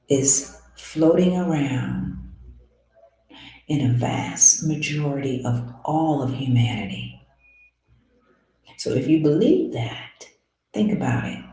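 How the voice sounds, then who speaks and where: A spiritual teacher speaking earnestly to listeners, asking rhetorical questions, calling them dear ones and often dropping into soft whispers. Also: medium pitch. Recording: very echoey room.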